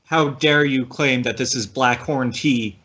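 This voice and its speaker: A man's voice: mid-range voice, unhurried, bright, forceful tone, breathy edge. A man voicing a haughty, pompous noblewoman with grand indignant speech, on dull lo-fi audio.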